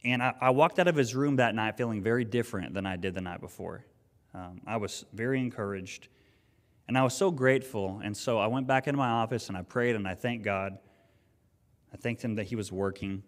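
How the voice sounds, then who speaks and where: A man's voice: lowish voice, a little fast. A man preaching a sermon, telling a personal story in an earnest, conversational way with frequent restarts. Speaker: pastor. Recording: long reverb of a hall.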